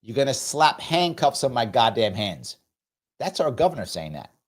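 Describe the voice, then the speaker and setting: Sarcastic, lively male political host. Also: mid-range voice, moderate pace. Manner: sarcastic, mocking, animated. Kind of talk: live political commentary.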